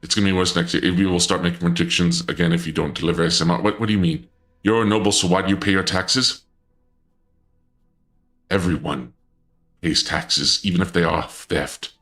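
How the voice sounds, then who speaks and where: A man streaming casually in a dark lord persona, flustered and indignant, stammering and restarting often, with sudden high-pitched outbursts. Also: brisk.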